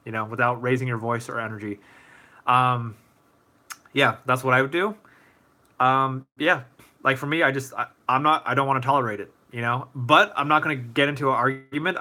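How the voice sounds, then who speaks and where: A man's voice: mid-range voice, brisk, bright, forceful tone. A man hosting a casual live-stream Q&A, chatty and easygoing, answering viewer comments with many fillers.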